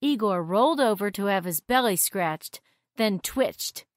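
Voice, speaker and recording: A woman narrating a children's story aloud in an expressive read-aloud manner. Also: medium pitch, unhurried, no echo, clean studio sound.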